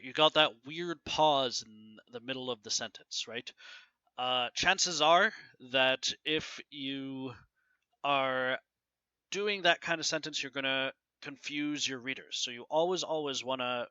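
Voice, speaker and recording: Very bright-voiced man teaching grammar. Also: medium pitch, smooth, dry recording, dull audio. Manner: keeps asking "right?" to check understanding; reads example sentences aloud with marked pauses. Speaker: English teacher. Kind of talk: grammar lesson to camera.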